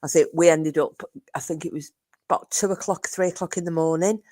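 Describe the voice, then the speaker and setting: A woman's voice: sits low, fairly even intonation, fairly quick, mellow, no echo, clean studio sound. A woman chatting as a guest on a livestream, laughing and telling stories. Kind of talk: casual chat.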